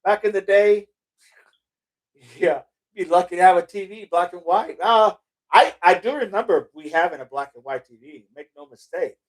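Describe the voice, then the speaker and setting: A middle-aged man chats loosely on a livestream, reading viewer comments and drifting from one thought to another. His voice sits a little high for a man, and he often breaks into a chuckle or a casual curse as he loses his train of thought. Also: moderate pace. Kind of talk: casual chat.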